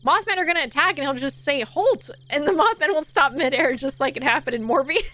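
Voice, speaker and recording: A woman streamer chats casually with viewers, laughing and swearing freely, then reads second-person game narration aloud in a slower, softer voice. Her voice sits high, and the audio is poor.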